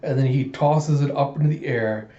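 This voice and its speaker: A man's voice: mid-range voice, normal speed, warm tone. A man reading a comic aloud in a casual, chatty way, often laughing. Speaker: comic reader. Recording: echoey room, dull lo-fi sound.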